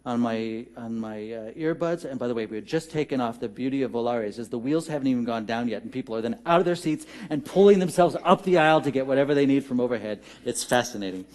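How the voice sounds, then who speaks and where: A man's voice: medium pitch, animated, quick pace, few pauses, a little mellow. A man giving a storytelling sermon, conversational and humorous, who talks directly to his congregation. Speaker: minister. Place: church sanctuary.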